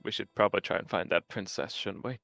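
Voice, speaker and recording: Low-voiced man joking as a player. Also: fast, creaky, a bit bright, no echo, soft background music. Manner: stammering, laughing, joking. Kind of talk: casual tabletop play.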